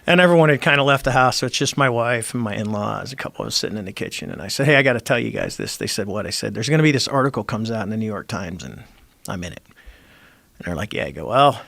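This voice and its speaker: Gravelly man telling a story. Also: fairly low pitch, fast talker, no echo. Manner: animated, acts out quoted dialogue. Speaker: podcast guest, former Navy squadron commander. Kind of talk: conversational storytelling. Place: podcast studio.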